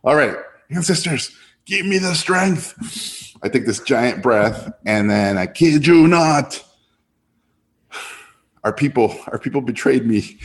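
A man, a filmmaker guest telling an animated anecdote and jumping high in pitch when he quotes others. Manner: lively storyteller, jumps high when quoting others.

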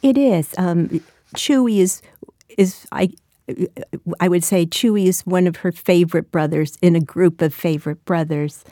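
A woman's voice: fairly low pitch, unhurried, warm tone, no room sound, studio quality. A woman in her sixties, an author being interviewed, who speaks reflectively with frequent restarts. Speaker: author and guest. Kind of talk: interview conversation and reading.

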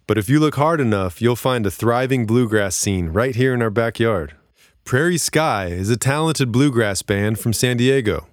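A man reading a scripted radio introduction in a measured, polished manner. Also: mid-range voice, lively intonation, dry recording, clean studio sound. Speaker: radio announcer.

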